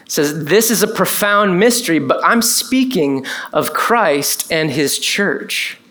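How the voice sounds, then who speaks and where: Animated, conversational male preacher. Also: high voice, takes it slowly. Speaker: pastor. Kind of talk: sermon.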